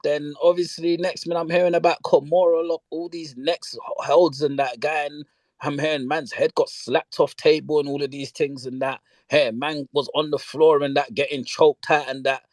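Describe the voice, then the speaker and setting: Animated man telling a story. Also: a little high, moderate pace, no room sound. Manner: animated storytelling, laughs often, slang-heavy. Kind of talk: casual chat, storytelling.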